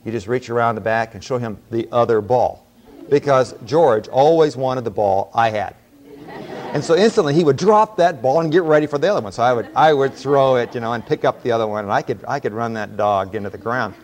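A man lecturing on the Bible to a class, mixing explanation with homespun anecdotes. His voice sits at an ordinary middle pitch, and his delivery is easygoing and conversational. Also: fairly quick. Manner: relaxed storytelling with folksy asides. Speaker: Bible teacher.

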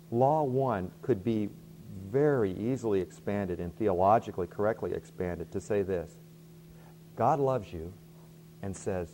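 Earnest male preacher with a mellow voice. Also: on the low side, a little hiss or hum. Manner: earnest, repeats words at starts of phrases. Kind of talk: sermon.

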